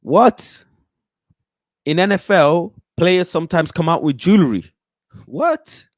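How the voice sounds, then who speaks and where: Animated football fan host. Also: male voice, on the high side, moderate pace, no room sound. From United Kingdom. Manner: animated, slangy, bursts into chants and impressions. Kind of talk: casual football chat.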